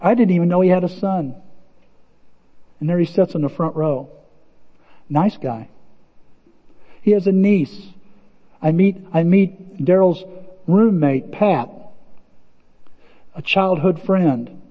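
A male pastor preaching a sermon in a lively, animated way, acting out quoted voices. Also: slow, pauses often, long reverb tail, lo-fi sound. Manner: animated, acts out quoted voices with big pitch jumps.

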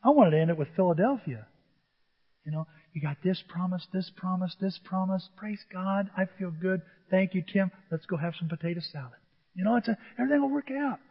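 Male pastor, high voice, emphatic sermon style that bursts loud on key words, long hall reverb, dull audio. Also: animated, fairly quick, gravelly, breathy edge. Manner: emphatic, rising to near-shouts on key words; acts out congregants' complaints in mocking voices.

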